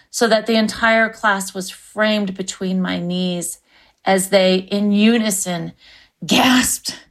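A woman reading a first-person story about a past event in an unhurried, reflective way. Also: mid-range voice. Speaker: listener telling a personal story.

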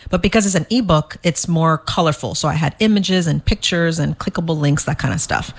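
A woman from St. Croix, an author being interviewed, talking in a quick, animated way with frequent restarts. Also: sits low. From St. Croix, US Virgin Islands. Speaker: author and guest. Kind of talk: casual interview chat.

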